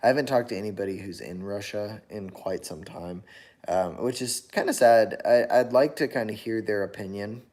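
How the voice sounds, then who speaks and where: A man in a low voice delivers a casual monologue to his channel's viewers. He sounds worn out after a long day of work. He rambles, circling back with fillers and repeated words. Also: normal speed, darkish tone. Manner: rambling, with many fillers and restarts. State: tired after a long workday. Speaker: channel host.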